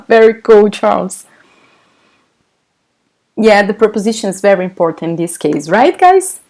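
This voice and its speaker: A woman's voice: mid-range voice, sing-song, a little slow, darkish tone. A Brazilian woman with a Brazilian Portuguese accent, a native Portuguese speaker teaching a live online language lesson, encouraging her students and often laughing as she reads out their comments.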